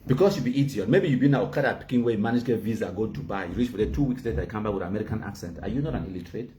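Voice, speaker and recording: A man's voice: on the low side, rapid-fire, mellow, slight background noise. A man from Cameroon with a Cameroonian Pidgin English accent, chatting casually as a host in a boastful, mocking way and laughing at his own jokes. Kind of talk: casual banter.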